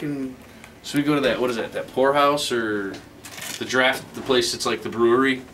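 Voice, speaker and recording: A man's voice: medium pitch, lively intonation, normal speed, pauses often, fairly bright tone, slight background noise. A man in his thirties telling a crude, profane anecdote in casual chat, acting out the dialogue as he goes. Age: 30s. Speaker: storyteller.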